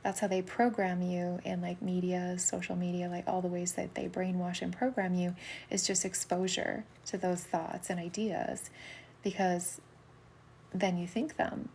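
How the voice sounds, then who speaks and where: A middle-aged woman giving soulmate readings on a livestream, talking casually in a soft, soothing voice that often drops into a whisper. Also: on the low side, flat delivery, a little slow, slight background noise.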